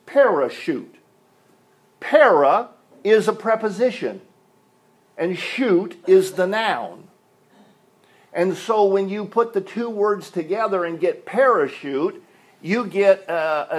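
An older man preaching a sermon, explaining things step by step like a teacher and leaning on single words for emphasis. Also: sits high. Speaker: pastor.

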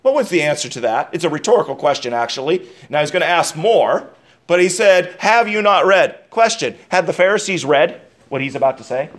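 A man delivers a sermon as pastor, his voice sitting high for a man. He drives points home with repeated rhetorical questions, then drops into quieter asides. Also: lively intonation, a little fast.

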